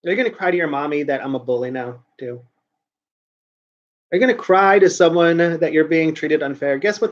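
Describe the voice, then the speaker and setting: A man's voice: high voice, highs cut off. A man hosting a show, giving a brash, blunt ranting commentary full of swearing. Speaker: show host.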